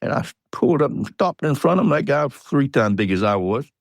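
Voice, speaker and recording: A man's voice: mid-range voice, big pitch swings, quick pace, no room sound. A man in his eighties from Georgia with a Southern accent, telling folksy, rambling stories as a guest in an interview. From Georgia, USA. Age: 80s. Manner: folksy rambling storyteller, chuckles. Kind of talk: storytelling interview.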